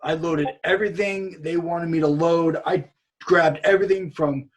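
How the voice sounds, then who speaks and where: A man's voice: a little high, steady tone, moderate pace. A man from California telling a story in a casual podcast chat, acting out what other people said. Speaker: podcast guest.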